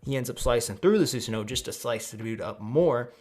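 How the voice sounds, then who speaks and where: A man's voice: mid-range voice, lively intonation, brisk, darkish tone. A man casually narrating a fan story, crude and rambling, swearing often. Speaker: YouTube storyteller.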